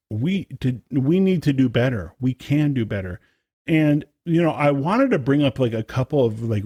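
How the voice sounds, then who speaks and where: A young man co-hosts a podcast in loose, casual chat. He rambles enthusiastically, piling up fillers and restarts. His mid-pitched voice sounds dry and close, with no room around it. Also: dark tone, dry recording. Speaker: podcast co-host.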